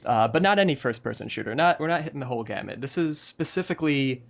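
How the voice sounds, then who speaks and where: A man hosts a relaxed podcast conversation, his voice edged with a gravelly rasp. He talks in an easygoing, halting way, pausing on "uh" as he steers the group. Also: medium pitch. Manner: easygoing, hesitant with many "uh" fillers. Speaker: podcast host. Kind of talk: casual group chat.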